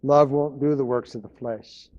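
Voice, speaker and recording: A man's voice: mid-range voice, steady tone, normal speed, darkish tone, dull audio. A man preaching a sermon as pastor, in an earnest manner, repeating his key phrases.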